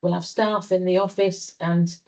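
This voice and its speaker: A woman's voice: fairly low pitch, steady tone, unhurried, dark tone, low-quality recording. A woman with a Welsh accent suggesting ideas at a council meeting.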